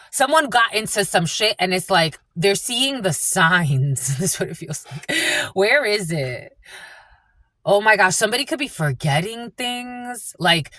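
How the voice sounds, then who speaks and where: Woman channeler, casual reading monologue; bright, forceful voice, swears freely, dry close sound. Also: mid-range voice, no room sound. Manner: rambling, profane, blunt. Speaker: spiritual channeler and tarot reader.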